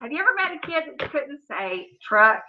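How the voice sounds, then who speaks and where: Middle-aged woman, high voice, livestream host telling family stories with lots of laughter; muffled lo-fi sound. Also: very animated, a little fast. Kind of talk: casual storytelling chat. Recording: slightly dull lo-fi audio.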